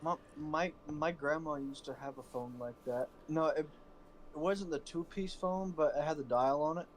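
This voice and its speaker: A man's voice: on the high side, normal speed, slight background noise, poor audio. A man chatting casually beside a streamer, mostly with short agreeing remarks. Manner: brief agreeing interjections.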